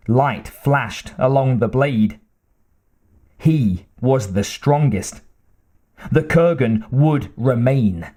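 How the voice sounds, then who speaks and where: A man narrating an audiobook in a measured, dramatic way with deliberate pauses. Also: mid-range voice, a little mellow.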